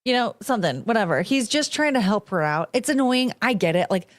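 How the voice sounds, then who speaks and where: A woman hosts her own podcast, reacting to video clips with blunt, profane commentary. She slips into mocking impressions of the people she watches. Her voice sits a little high. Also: lively intonation, fairly quick. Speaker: podcast host.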